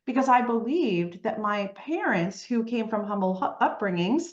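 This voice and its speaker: A woman guest on an interview podcast, telling her story in a lively way and often asking "right?". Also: medium pitch, normal speed, few pauses, echoey room, lo-fi sound. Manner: animated storytelling, frequent "right?" tags.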